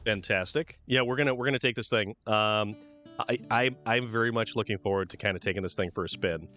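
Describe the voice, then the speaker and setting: A man's voice: fairly low pitch, fairly quick, sharp tone. Male streamer host, casual gameplay chat, faint music bed. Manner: chatty, reads truck descriptions aloud.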